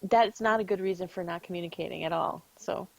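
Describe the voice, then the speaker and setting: Low, gravelly-voiced female podcast co-host. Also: dry recording, poor audio. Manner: measured and even-handed, with small fillers. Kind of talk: casual chat.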